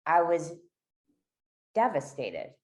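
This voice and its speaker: A woman's voice: low voice, wildly swooping pitch, takes it slowly. A woman guest on a podcast, candidly telling a raw, emotional personal story and swearing freely.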